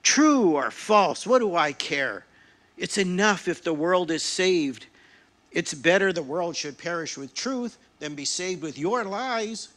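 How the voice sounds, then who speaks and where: A man voicing the apostle Paul as a stubborn, zealous preacher, declaiming forcefully. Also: high voice, animated, slow, voice pushed up, heavily acted. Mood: fierce.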